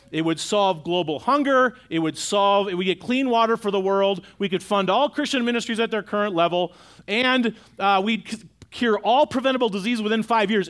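A middle-aged man with a fairly high voice preaches to a church congregation. His delivery is conversational, and he keeps putting questions to the listeners. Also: a bit bright. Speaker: pastor. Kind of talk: sermon. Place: church auditorium.

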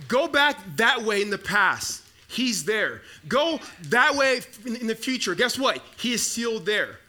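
Young male pastor from the Congo, high bright voice, chatty storytelling sermon in a church. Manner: storytelling, conversational with repeated restarts. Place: church sanctuary.

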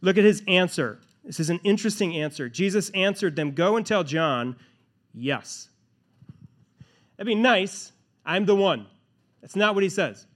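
A man's voice: high voice, animated, a little slow, long pauses. A man preaching a sermon, asking rhetorical questions and repeating key phrases for emphasis. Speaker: pastor.

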